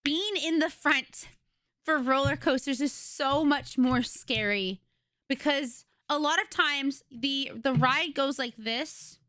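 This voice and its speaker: A young adult woman livestreamer chatting casually with her audience, excitable and giggly as she tells stories. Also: sits high, slow, no echo, studio quality. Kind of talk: casual chat with a live audience. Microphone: desk microphone.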